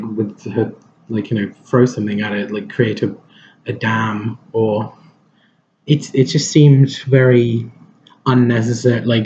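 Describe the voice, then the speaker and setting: A man's voice: mid-range voice, darkish tone, dull audio, slight background noise. A man giving a casual film review, rambling and hesitant, with lots of fillers and restarts.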